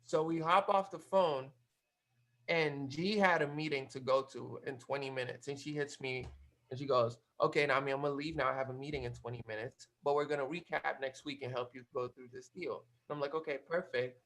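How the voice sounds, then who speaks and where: A man from Cape Verde telling a story in a casual interview, animated and slangy, swearing freely. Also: medium pitch, a little fast, poor audio. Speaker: guest.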